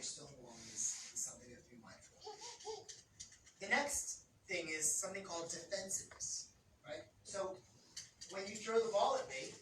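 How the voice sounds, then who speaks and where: A woman couples therapist giving an explanatory talk on relationships, acting out quoted couples in an animated way. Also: mid-range voice. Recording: roomy, distant, noisy room sound.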